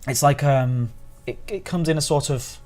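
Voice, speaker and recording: A man's voice: medium pitch, moderate pace, darkish tone. A man streaming live and reviewing biscuits in casual chat. He is giddy and laughs often between words.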